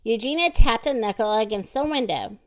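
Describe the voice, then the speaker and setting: A woman reading a children's storybook aloud, expressive and deliberate. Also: on the high side. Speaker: narrator.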